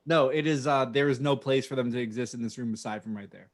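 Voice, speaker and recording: A man's voice: mid-range voice, quick pace. A man co-hosting a podcast, telling a rambling, profane story with frequent laughs from his home office. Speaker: podcast co-host. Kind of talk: casual storytelling chat. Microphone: home office video call mic.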